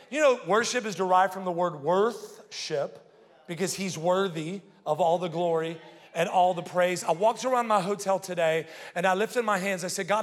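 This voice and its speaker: High-voiced, fired-up man preaching in a hall. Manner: energetic, storytelling, calls for audience response. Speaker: pastor. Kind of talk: sermon. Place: church auditorium.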